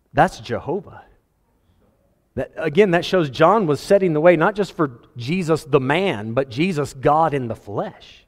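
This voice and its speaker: A man preaching a sermon as pastor, animated, quoting scripture and acting out voices with a chuckle now and then. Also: a little high, moderate pace, big-room sound. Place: church sanctuary.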